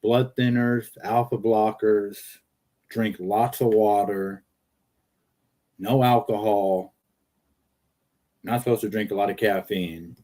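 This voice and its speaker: Rambling low-voiced man chatting on stream. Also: steady tone, slow, long pauses, warm tone. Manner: rambling, jokey, reads viewer comments aloud. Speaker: livestream host. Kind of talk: casual livestream chat reading comments. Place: in a car.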